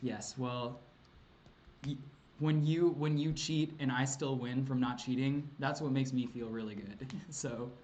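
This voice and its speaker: A man's voice: mid-range voice, fairly even intonation, a little slow, darkish tone. A man answering chat questions on a casual livestream, rambling and hesitant with many ums and likes, laughing often and swearing casually.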